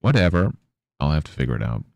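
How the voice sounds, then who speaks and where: A man's voice: a bass voice, big pitch swings, fast talker, vocal fry, no room sound. A man streaming, grumbling, swearing and muttering to himself about his setup. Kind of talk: casual livestream chatter.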